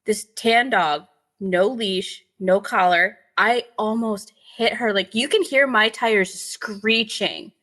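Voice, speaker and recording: A woman appearing as a podcast guest, telling lively anecdotes in casual chat and laughing easily. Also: mid-range voice, slow.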